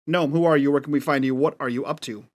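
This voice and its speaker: A man's voice: a little high, fairly even intonation, fast talker. A man hosting, wrapping up a tabletop game stream in a loose, chatty way with casual swearing. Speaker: host. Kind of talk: casual show outro.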